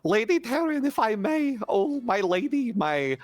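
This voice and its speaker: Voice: mid-range voice, very animated, a little slow, no room sound. A tabletop player voicing a curmudgeonly, wrinkled creature of the night who fawns, mutters and wheedles. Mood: wheedling. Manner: muttering, fawning, theatrical.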